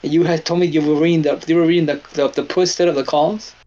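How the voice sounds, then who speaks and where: A man hosts a live trading stream and chats casually, retelling his own mistakes with many restarts. His voice sits on the higher side, and the sound is dull and lo-fi. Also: fast, a crowd in the background. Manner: animated storytelling with lots of restarts. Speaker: stream host.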